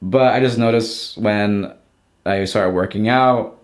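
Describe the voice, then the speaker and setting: A man's voice: on the low side, slow. A young adult man, a podcast guest, chatting casually and rambling with many restarts. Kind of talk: casual chat.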